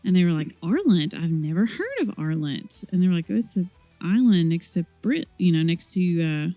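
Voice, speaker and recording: A middle-aged woman in friendly podcast chat, her voice somewhat low and warm-toned. She sounds agreeable and encouraging, with a dry close sound and faint music behind. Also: big pitch swings, a little fast, no room sound. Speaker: podcast co-host. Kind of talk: casual chat.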